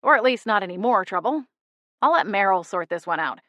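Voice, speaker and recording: A woman narrating a first-person cozy mystery audiobook in a wry, lively storytelling manner, on a close studio mic. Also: medium pitch, brisk, no room sound, highs cut off.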